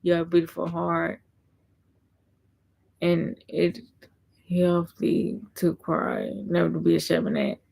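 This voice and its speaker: Woman vlogger, gravelly fry in her voice, rambling live-stream chat full of fillers. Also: fairly low pitch, completely flat delivery, slow, pauses often, a little mellow. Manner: rambling and repetitive, heavy fillers.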